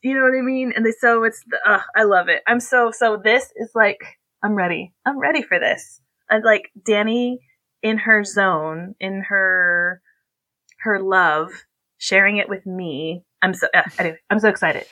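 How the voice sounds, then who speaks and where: A woman co-hosting a podcast in casual chat, excitable and gushing, laughing often. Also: medium pitch, normal speed, no echo. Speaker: podcast co-host.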